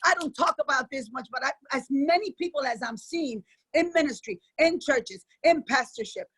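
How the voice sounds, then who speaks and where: A woman's voice: high-pitched, expressive, normal speed, fairly bright tone, rough recording. A woman guest on a video-call panel, speaking in an emphatic preaching cadence. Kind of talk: impassioned faith testimony.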